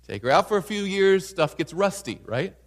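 Animated man preaching in a reverberant hall. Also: sits high, normal speed. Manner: animated, acts out scripture quotes, laughs often. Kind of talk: sermon.

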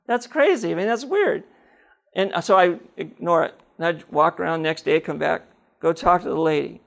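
Gravelly high-voiced man telling his testimony. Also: moderate pace. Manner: animated storytelling, acts out dialogue. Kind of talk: personal testimony.

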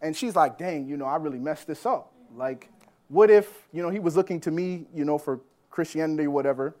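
A man preaching a sermon as a personal story, animated, swinging between loud bursts and hushed lines. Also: on the high side, fairly quick. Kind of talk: sermon testimony.

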